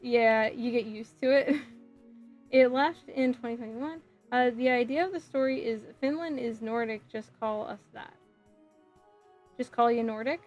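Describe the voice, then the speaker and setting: While building a model kit on a livestream, a woman from New Jersey chats casually with viewers, giggly and scattered, answering chat messages out loud. Her fairly high voice is unhurried, and the sound is lo-fi with faint music behind.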